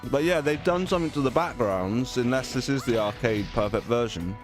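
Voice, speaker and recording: A man's voice: mid-range voice, brisk. A man streaming a retro game, chatting in a casual, self-deprecating way. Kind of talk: casual chat while gaming. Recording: game music behind voice. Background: game music.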